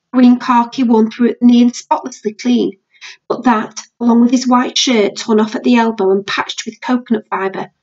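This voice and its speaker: A woman's voice: fairly high pitch, darkish tone, highs cut off. A British woman teacher reading a novel aloud to her class.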